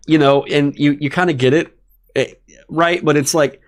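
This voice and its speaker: A man hosting a livestream, talking casually and swearing in exasperated, animated rants. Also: fairly high pitch, moderate pace. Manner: animated, profane ranting with exasperated asides. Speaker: streamer hosting a dungeon design stream.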